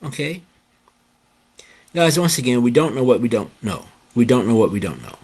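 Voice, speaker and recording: An older man telling a story in a casual, animated way, often checking in with "okay?" and addressing his viewers as guys. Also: medium pitch, fast talker, slightly rough. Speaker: host.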